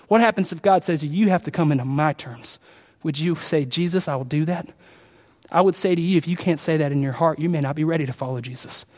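A man preaching a sermon as pastor, impassioned, rising to loud peaks and dropping to quiet pleas. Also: sits high. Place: large church sanctuary. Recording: long hall reverb.

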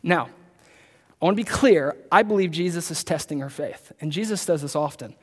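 A man preaching a sermon, emphatic, repeating his key points and slowing down to read scripture aloud. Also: fairly high pitch. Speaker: pastor. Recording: long hall reverb.

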